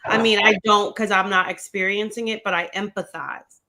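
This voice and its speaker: Bright-voiced woman host, direct and encouraging. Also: medium pitch, fairly even intonation, moderate pace. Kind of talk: livestream interview.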